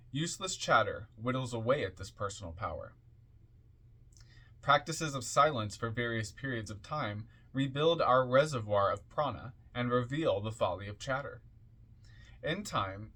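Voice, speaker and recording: Man, mid-pitched, reading esoteric text aloud, measured and deliberate. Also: pushed and bright. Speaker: book reviewer reading aloud. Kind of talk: reading a book aloud with offhand asides.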